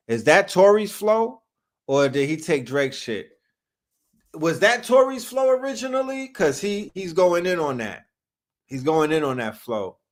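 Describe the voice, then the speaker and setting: A man from New York hosting a casual livestream, talking hip hop in loose slang and reacting to comments from chat. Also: on the high side. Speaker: livestream host.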